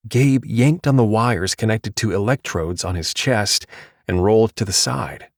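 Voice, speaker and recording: Low-voiced male audiobook narrator. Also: dry recording, studio quality.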